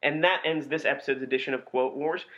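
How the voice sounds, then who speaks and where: A young man co-hosting a podcast, chatting casually with an animated, profane delivery. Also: medium pitch, quick pace. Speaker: podcast co-host reviewing B movies. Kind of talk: casual chat. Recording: dull lo-fi podcast recording.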